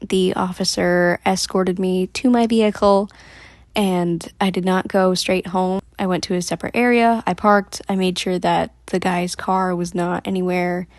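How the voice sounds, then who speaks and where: A woman vlogger telling a story to camera in a chatty, animated way, laughing between lines. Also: fairly low pitch, measured pace, no room sound, studio quality.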